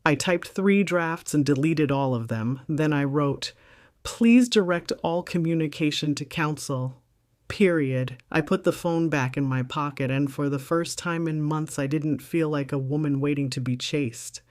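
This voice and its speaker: A woman's voice: low voice, normal speed, hardly any pauses, a little mellow, no room sound, clean studio sound. A middle-aged woman narrating her own story in the first person with a composed, wry, reflective delivery.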